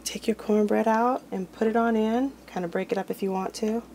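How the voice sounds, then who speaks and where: A woman's voice: mid-range voice, fairly even intonation, brisk, dark tone. A woman with a mid-range voice chats her way through a kitchen demonstration, talking informally as she handles jars and food. Dishes and cutlery clink now and then, and a faint hiss sits under the recording. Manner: chatty and informal, talks while handling food. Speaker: home cooking video host. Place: home kitchen.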